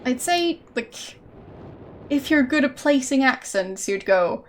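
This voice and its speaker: A young woman streamer chats slowly and unhurriedly, with a faint Austrian German lilt worn down by a mix of British sounds. Her voice sits a little high, and she thinks aloud between pauses with easy laughs. A faint room hum sits beneath her. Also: very animated. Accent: slight Austrian German, mixed with British. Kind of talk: casual chat while gaming.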